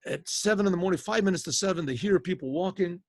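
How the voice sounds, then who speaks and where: A rabbi telling a story in a loose, conversational way, halting and repeating words over a video call. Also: male voice, high-pitched, darkish tone, dry recording, clean studio sound. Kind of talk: informal oral storytelling.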